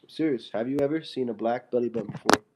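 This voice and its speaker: A man's voice: mid-range voice, fast, very noisy. A man on a casual live stream, reading out viewer comments and answering them loosely and playfully into his phone. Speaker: fitness streamer.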